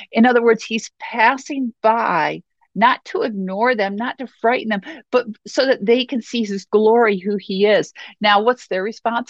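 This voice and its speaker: A woman's voice: on the high side, no room sound, muffled recording. A woman preaching a sermon in a conversational way, often checking in with "okay" and "you know".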